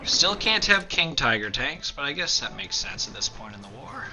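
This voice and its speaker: A man hosting a let's play, chatting casually about a strategy game and dropping into quiet, half-whispered asides now and then. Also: medium pitch, sing-song, moderate pace, poor audio. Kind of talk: casual gameplay commentary.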